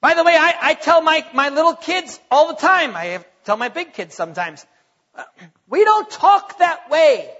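A man preaching a sermon as pastor, emphatic, repeating phrases and slowing down dramatically for emphasis. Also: extremely high pitch, animated, sharp tone. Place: church sanctuary. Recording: dull sound with long church reverb.

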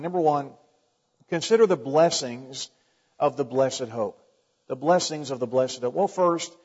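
A man's voice: fairly high pitch, a little mellow. A man pastor preaching a sermon, swelling in volume at key phrases and dropping into dry asides. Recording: dull sound with long hall reverb.

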